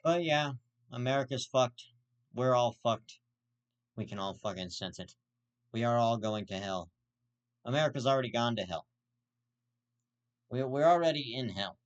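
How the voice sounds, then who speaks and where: A man's voice: medium pitch, animated, moderate pace, pauses often, lo-fi sound. A man hosting his own show, giving profane ranting commentary in a blunt, repetitive way. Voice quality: blunt, profane and repetitive, circling back to the same insult. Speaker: show host.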